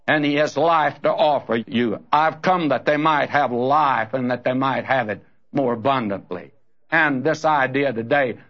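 A man's voice: on the high side, a bit bright. Earnest male preacher, lo-fi recording. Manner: earnest, direct, addresses listeners as friend and brother. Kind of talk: sermon. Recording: dull lo-fi recording.

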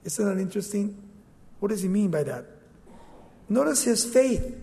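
A man preaching a sermon as the pastor, animated and conversational, acting out the figures in quick asides. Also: high voice, vocal fry. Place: church. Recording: long reverb of a church hall.

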